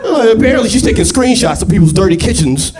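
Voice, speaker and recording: A male stand-up comedian doing a raunchy set on a club stage, profane and shouting his punchlines into a handheld mic. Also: high-pitched, animated, fast talker, a crowd in the background. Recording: live club with loud audience laughter.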